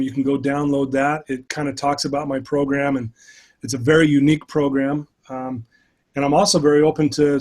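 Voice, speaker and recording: A middle-aged man, a life coach, telling his story as an interview guest in a lively, casual way full of "you know" fillers. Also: on the high side.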